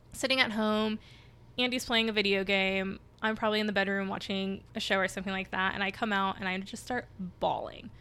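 A young woman speaks as a podcast guest and recounts personal stories in a candid, easygoing way. Her voice is bright and clear, and she often laughs lightly at herself as she talks. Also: medium pitch. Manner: open, storytelling, light self-deprecating laughs. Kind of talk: casual podcast interview.

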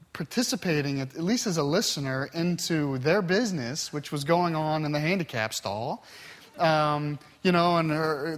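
A man's voice: a little high, a bit bright. A middle-aged man teaching a Bible class in a conversational way, telling a personal story earnestly with frequent restarts.

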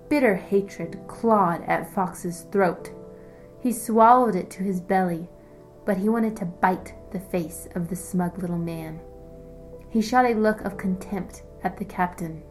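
A woman narrating a fantasy audiobook in a measured, descriptive way. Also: mid-range voice, faint music behind, low-quality recording. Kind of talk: scripted story narration.

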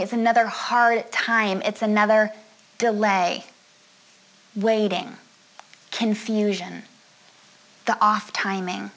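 A woman giving a conversational sermon, chatty and expressive, often laughing and checking in with her listeners. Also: medium pitch, unhurried, poor audio. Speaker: preacher.

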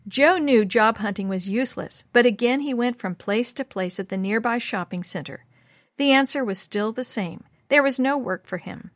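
A woman narrating a storybook in a measured, expressive way. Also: fairly high pitch, no echo. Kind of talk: storybook reading.

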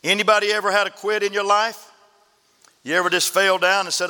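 A man's voice: level tone, brisk, bright, forceful tone, clean tone, in a large hall. A man preaching a sermon as pastor of his church, telling folksy stories and letting his voice drop hard at the ends of phrases. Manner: folksy storytelling preacher, emphatic drops in pitch at phrase ends. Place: church sanctuary.

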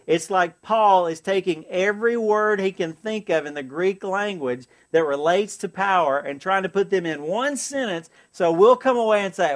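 A man preaching a sermon as pastor, earnest, asking the congregation for an amen and slowing down to read scripture. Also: sits high. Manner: earnest, call-and-response asides, slows for scripture.

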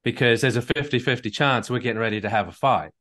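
Coaching a caller live over the phone, a relationship coach talks fast in a mid-range, slightly bright voice. He's earnest, repeats words as he reasons through his advice, and acts out sample dialogues, all captured as a call recording.

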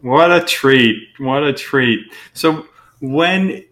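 A man hosting an interview, chatty and quick to laugh, reacting warmly to his guest's answers. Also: mid-range voice. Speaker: podcast interviewer. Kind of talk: casual interview.

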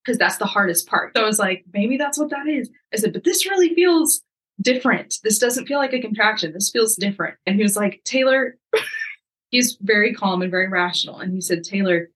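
A young woman with a bright, forward voice, sharing a story in a relaxed and chatty way. She keeps things lively and plays out other people's dialogue as she talks. Her voice sits at an average pitch for a woman. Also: a little fast, poor audio. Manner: lively, acts out quoted dialogue. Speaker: podcast guest. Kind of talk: casual storytelling.

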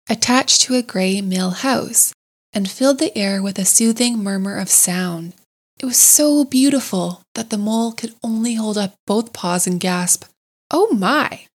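A woman narrates a classic storybook in a gentle, measured voice. Her pitch sits in an ordinary middle range, calm and unhurried. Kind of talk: storybook read-aloud.

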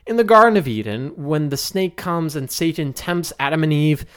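A man hosting a podcast, teaching a Bible passage in a relaxed, conversational way with the odd chuckle. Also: on the high side, normal speed, smooth. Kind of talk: casual Bible study teaching.

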